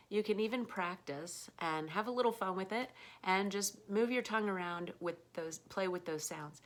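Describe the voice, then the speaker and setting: A woman's voice: medium pitch, normal speed, few pauses, fairly bright tone. A woman with an American accent teaching English pronunciation in a casual, unscripted lesson, patient and full of ums as she demonstrates sounds.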